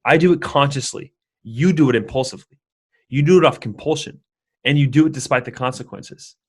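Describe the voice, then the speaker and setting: A man voicing a calm, wise older male mentor who lectures his student steadily. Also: mid-range voice, slightly rough, close to an everyday voice. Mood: calmly lecturing. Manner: measured, lecturing.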